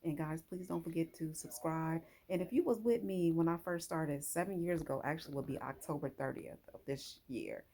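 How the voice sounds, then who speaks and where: A woman's voice: deep voice, fairly quick, few pauses, dark tone. A woman hosting a casual how-to vlog, chatting straight to her viewers while she works with her hands. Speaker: hair vlogger.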